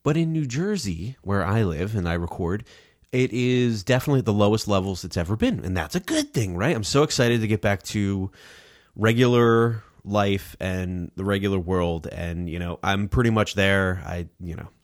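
A podcast host talks casually on his own from a home recording setup in New Jersey, sounding nasal from a stuffy nose. His fairly low voice is expressive and moderately paced, and he's chatty and self-deprecating, wandering into rambling asides. The sound is studio quality with no room sound.

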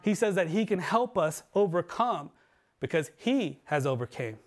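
A man preaching a sermon as a pastor, earnest and building, often dropping his voice low and soft for emphasis. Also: lively intonation, moderate pace, soft background music. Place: church livestream.

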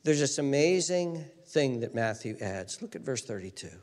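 A male pastor preaching a dramatic sermon, swinging between loud shouts and hushed whispers, in a church hall. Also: mid-range voice, very animated, normal speed. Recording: long hall reverb.

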